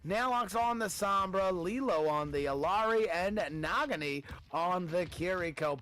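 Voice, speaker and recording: A man casting a live esports match with fast play-by-play commentary, calling player picks and hyping each fight. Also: high-pitched, a bit bright, slight background noise. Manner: hype-driven, quick calls of plays and player picks. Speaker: esports caster.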